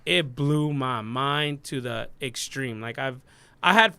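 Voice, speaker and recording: Male DJ guest, 30s, earnest rambling storyteller; bright, edgy tone. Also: mid-range voice, takes it slowly, smooth. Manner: earnest, rambling, heavy on "like" and "you know what I mean". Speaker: DJ guest on a podcast. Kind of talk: casual storytelling interview.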